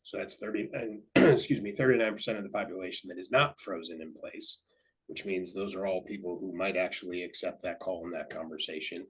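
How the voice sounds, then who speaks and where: A man's voice: deep voice, fairly quick, fairly bright tone, breathy edge, low-quality recording. A man hosting a real estate webinar, affirming his guest and walking through market statistics. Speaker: webinar host. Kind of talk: webinar interview.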